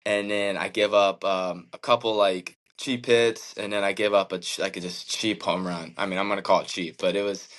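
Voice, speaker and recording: A man in his thirties, a professional baseball pitcher appearing as an interview guest, tells his story earnestly and reflectively, dropping lots of "like" and "man." His voice sits on the low side and is slightly bright, with fairly even intonation, normal speed and hardly any pauses. The audio quality is poor.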